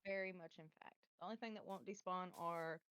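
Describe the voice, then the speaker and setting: A woman's voice: on the low side, fairly even intonation, brisk, a crowd in the background. A woman on voice chat answering game questions in a matter-of-fact way, heard faintly over a call. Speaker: friend on voice chat.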